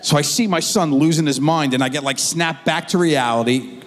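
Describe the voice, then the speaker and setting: A middle-aged man telling a stand-up comedy story with animated, exaggerated voices, on a theater stage with a handheld mic. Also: a little high, normal speed. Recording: echoey theater with faint crowd.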